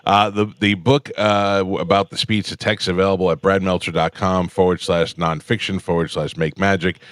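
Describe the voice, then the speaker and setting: A man's voice: low voice, flat delivery, a bit bright, dry recording. A man hosting a radio talk show, chatting casually with a guest and rambling through his own stories. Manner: rambling storyteller, quick reactions. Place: radio studio.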